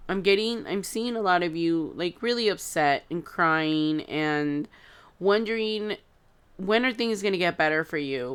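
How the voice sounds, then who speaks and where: Emotional, halting woman tarot reader. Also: lowish voice, a bit bright, clear, resonant tone. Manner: halting, filler-heavy, emotional, addresses viewers as guys. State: choked up, near tears. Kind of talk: intuitive tarot reading to camera.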